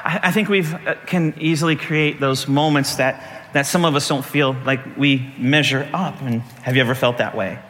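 A middle-aged man, a pastor, preaching a sermon with animated storytelling, laughing through his stories and jumping high in pitch when he acts out panic. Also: moderate pace, in a large hall, slight background noise. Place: church.

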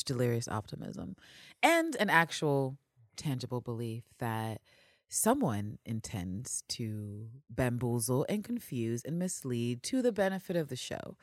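Lively low-voiced woman podcast host. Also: dry recording, studio quality. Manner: animated, swears freely, laughs often. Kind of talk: casual fan podcast chat.

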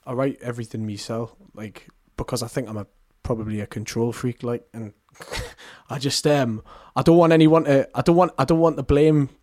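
A man's voice: mid-range voice, fairly even intonation, normal speed, hardly any pauses, a little mellow. Chatty young man, casual musician guest. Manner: chatty, self-deprecating, laughs often. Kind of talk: casual chat.

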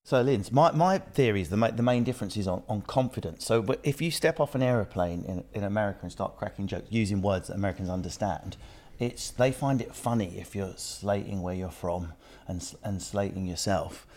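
A man's voice: on the low side, a little mellow. A man with an English accent hosting a podcast in casual chat, joking and breaking into bits and little impressions, often restarting his sentences. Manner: joking, doing bits and voices, halting restarts. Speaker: podcast host.

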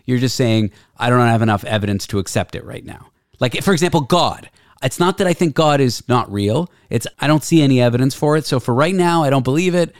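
A man's voice: medium pitch, animated, fairly quick, no echo, clean studio sound. A man hosting a casual chat, reasoning things out at length in a skeptical way. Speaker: podcast host. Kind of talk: casual conversation.

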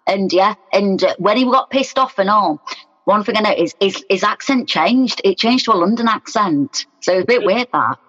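A woman's voice: mid-range voice, animated, moderate pace, fairly bright tone. A woman speaks frankly in conversation, with a middle-range voice. Her account often slips into quoted dialogue. The sound is dull and carries a long, lingering reverb. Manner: frank, plain-spoken, retells scenes in quoted speech. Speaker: interview guest.

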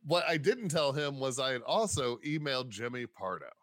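Dry-sounding comedian telling stories. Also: male voice, medium pitch, moderate pace, dry recording. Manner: animated, acts out quoted voices, swears casually. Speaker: stand-up comedian guest. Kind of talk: casual storytelling interview.

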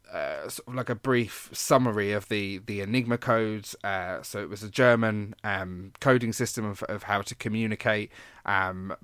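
A man's voice: fairly low pitch, a bit bright, clean tone, dry recording, studio quality. A man co-hosting a casual podcast, explaining history with frequent ums and restarts. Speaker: podcast co-host.

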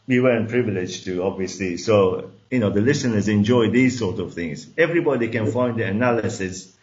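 A man hosting a football podcast, chatting in a relaxed, easygoing way with many fillers, on a dull lo-fi recording. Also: lowish voice, brisk. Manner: easygoing, many "uh" and "you know". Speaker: podcast host. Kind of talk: casual interview. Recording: dull lo-fi sound.

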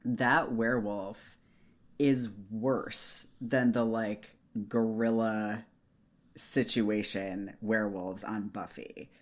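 Slow, wry woman podcast co-host. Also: a bass voice, fairly even intonation. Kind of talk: casual book discussion podcast.

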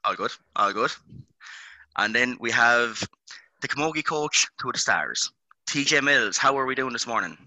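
Bright dry-voiced Irish man hosting. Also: mid-range voice, lively intonation, normal speed, dry recording, rough recording. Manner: rambling, lots of ums and uhs. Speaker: podcast host. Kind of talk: casual sports podcast chat.

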